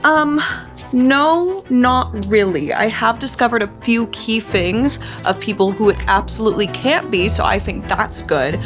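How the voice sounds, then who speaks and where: A woman's voice: a little high, unhurried, faint music behind. A woman, talking casually at home in the evening as she works through a mystery novel, chatty and self-mocking. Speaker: book vlogger. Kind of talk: casual chat reading a mystery aloud.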